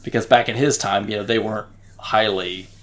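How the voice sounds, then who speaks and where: A man's voice: on the low side, fairly even intonation, a little fast, a bit bright. A man co-hosting a casual gaming chat, rambling through explanations and tagging his points with "right?". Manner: rambling, frequent "right?" tags.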